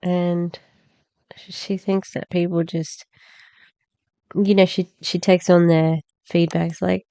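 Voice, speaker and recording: A woman's voice: fairly low pitch, level tone, slow, pauses often, dark tone, no room sound. A woman casually commenting on a clip, sarcastic and dismissive, with plenty of fillers.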